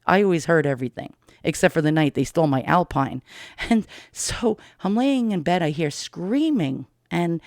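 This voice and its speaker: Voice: medium pitch, expressive, moderate pace, dry recording, studio quality. Profane middle-aged New storyteller. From Queens, New York. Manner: profane, blunt, darkly amused. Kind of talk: casual personal storytelling.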